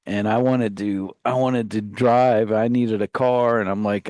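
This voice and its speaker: A man, co-hosting a radio show, tells a rambling, profane story and acts out his yelling relatives. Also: on the low side, steady tone, moderate pace, few pauses, no echo, clean studio sound. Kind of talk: casual storytelling banter. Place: radio studio.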